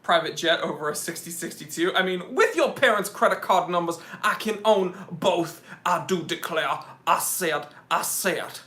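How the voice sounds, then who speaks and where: A man's voice: high-pitched, animated, normal speed, hardly any pauses, pushed and bright. A man voicing a blustering Southern cartoon rooster with a drawling, repetitive delivery. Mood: blustery. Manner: drawling, repeats "I do declare". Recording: echoey room.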